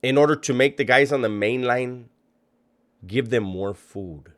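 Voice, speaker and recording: A man's voice: medium pitch, a little slow. Mocking male reaction commentator. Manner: mocking, incredulous, swears freely.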